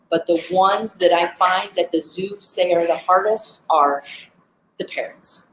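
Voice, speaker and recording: Her voice sits in the middle range and she takes her time. She is an animal behavior trainer offering earnest advice on a live stream from an animal center, surrounded by birds, with plenty of "um" fillers, captured in a rough recording with slight background noise.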